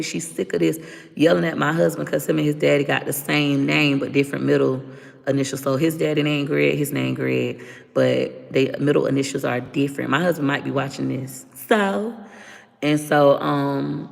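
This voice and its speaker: Gravelly, blunt woman vlogger. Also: low-pitched, in a large hall. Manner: blunt, profane and unfiltered. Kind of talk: candid personal storytelling.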